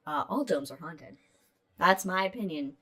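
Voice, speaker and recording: A woman's voice: lowish voice, animated, moderate pace, bright, forceful tone. A woman co-hosting a podcast in casual chat, rambling and playful, with some swearing. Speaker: podcast co-host.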